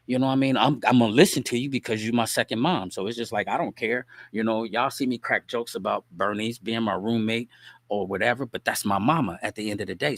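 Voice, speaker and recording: A man with a lowish voice spins a family story for his listeners in loose, slangy talk. He keeps checking in with the audience as he goes. The sound is dry and close. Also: dry recording. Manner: animated, slangy, keeps asking "you dig what I'm saying?". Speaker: host. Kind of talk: casual storytelling monologue.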